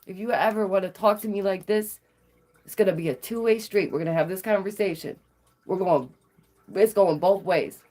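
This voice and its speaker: A sassy woman vlogger talks straight to her viewers, animated and quick to laugh. Her voice sits at an ordinary middle pitch for a woman. She tells her stories with plenty of attitude. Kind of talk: casual storytelling to viewers.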